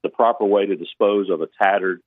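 A man's voice: deep voice, brisk, no room sound. A man calls in to a radio show, pressing his point earnestly and with indignation. His voice comes through a thin, phone-like line, close and dry. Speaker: caller.

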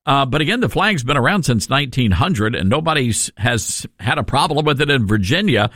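A middle-aged man with a Tennessee Southern accent hosting a call-in radio talk show, chatty and upbeat and quick to laugh. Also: medium pitch, animated, fairly bright tone, no room sound, clean studio sound.

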